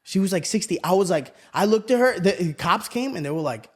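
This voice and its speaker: Animated, high-voiced storytelling man. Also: a little fast. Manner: animated, swearing, acts out voices in his stories. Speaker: podcast host. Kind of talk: casual chat, storytelling.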